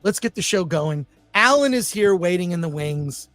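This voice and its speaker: Guy hosting a podcast, kinda high voice, jokey radio-announcer vibe, dry close mic, faint music behind. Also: moderate pace, no room sound. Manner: lively announcer-style delivery, jokey. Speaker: podcast host. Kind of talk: casual show chat.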